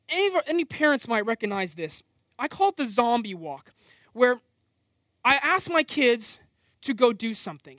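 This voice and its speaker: Animated middle-aged male preacher. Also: extremely high pitch, a little fast, dry recording, studio quality. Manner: animated, acts out quoted voices; conversational, self-deprecating. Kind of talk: sermon.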